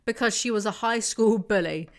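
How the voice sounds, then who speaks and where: A woman's voice: medium pitch, moderate pace. A young woman from England with an English accent, giving sarcastic commentary while reviewing a book. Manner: sardonic, exasperated asides.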